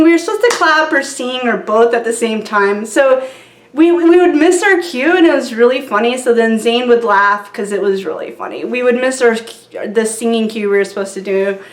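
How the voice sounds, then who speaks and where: A woman's voice: a little high, roomy sound. A young woman vlogger telling a casual story to camera, rambling with lots of fillers and giggles.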